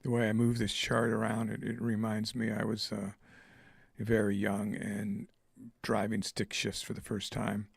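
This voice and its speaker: A man giving live trading commentary. He thinks aloud in a halting way, with many fillers. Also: on the low side, completely flat delivery, vocal fry, husky, no echo, clean studio sound. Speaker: trader streaming live.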